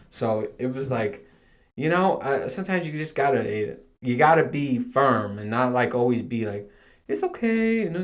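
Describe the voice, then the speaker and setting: Podcast host, man in his 30s: loose, profane, self-mocking solo chat. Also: medium pitch. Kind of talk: casual monologue.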